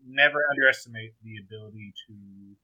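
A man's voice: fairly low pitch, brisk, husky, dry recording, muffled recording. A man co-hosting a podcast in casual chat, hesitant and full of ums and trailing asides. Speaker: podcast co-host.

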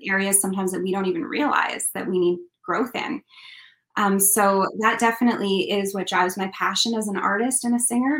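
A woman's voice: medium pitch, a bit bright, roomy sound, rough recording. A woman from Canada, a country singer and interview guest, telling a personal story in an earnest, heartfelt way.

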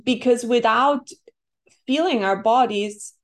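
A woman coach, a guest on a podcast, speaking in a thoughtful, reflective way with occasional soft fillers. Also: fairly high pitch, slow. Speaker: guest, feminine embodiment coach. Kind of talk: conversational podcast interview.

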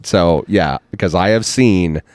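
A man co-hosting a podcast in casual chat, a parent who acts out quotes with lively emphasis, recorded on an outdoor patio. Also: deep voice, measured pace, dry recording, clean studio sound. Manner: animated storyteller, acts out quotes. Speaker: podcast co-host. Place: back patio outdoors by a fire.

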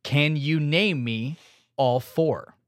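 A man's voice: fairly high pitch, slow, no room sound, clean studio sound. A man co-hosting a podcast in casual chat, teasing as he quizzes his co-host. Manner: teasing, animated quiz-giver.

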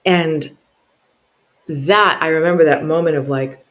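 Expressive woman telling a heartfelt story. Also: a little slow. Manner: expressive, often asks "right?", acts out quotes with big pitch swings. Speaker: podcast guest.

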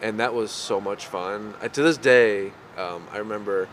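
A man's voice: fairly low pitch, normal speed. A man hosting a podcast in casual conversation, rambling and laughing often, with lots of fillers. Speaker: podcast host. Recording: noisy background recording.

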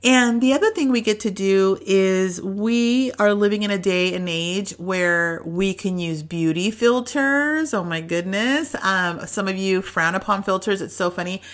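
A woman's voice: mid-range voice, measured pace, few pauses. A woman in her forties hosting a solo motivational podcast, chatty and encouraging, with many fillers and restarts. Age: 40s. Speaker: podcast host.

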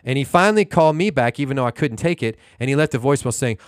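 A man in his thirties rants through a story on a casual podcast. His pitch swings widely, and he fires off rhetorical questions. The recording is dry and close. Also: fast, hardly any pauses, no room sound. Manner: animated, indignant storyteller, asks rhetorical questions. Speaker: podcast co-host.

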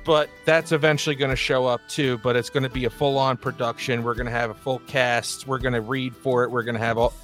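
A man in casual chat, talking excitedly about upcoming productions and laughing easily. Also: medium pitch, a little fast, hardly any pauses, soft background music.

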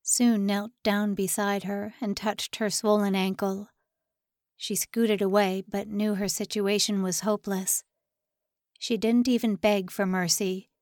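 A woman narrating an audiobook novel in a calm, measured storytelling manner on a close microphone. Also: mid-range voice, no room sound.

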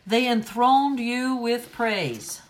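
A woman giving a solemn, deliberate liturgical reading of scripture at a service. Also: fairly high pitch, expressive, a little hiss or hum. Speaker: scripture reader.

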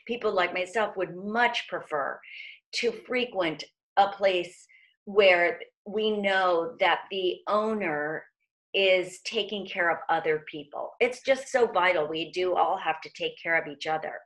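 A woman's voice: on the low side, unhurried, a bit bright. A woman hosting a podcast, affirming her guest and laughing often. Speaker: podcast host. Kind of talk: podcast interview.

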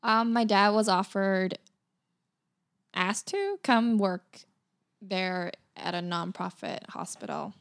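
Casual woman guest, slight fry, halting delivery with many fillers. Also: mid-range voice, lively intonation, fairly bright tone. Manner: hesitant, lots of "um" and "like". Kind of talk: casual chat.

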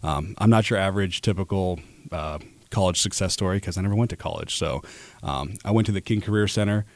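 A man in his thirties, an ad sales rep from Alaska, speaks as a radio guest in a casual interview, earnest about his work yet full of fillers and restarts. He has a low voice, talks a little fast, and is recorded without echo.

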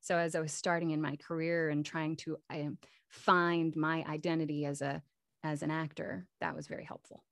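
A woman voice actor chatting casually in an interview, telling stories in a lively way. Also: deep voice, moderate pace, no room sound. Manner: chatty and storytelling. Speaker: voice actor guest.

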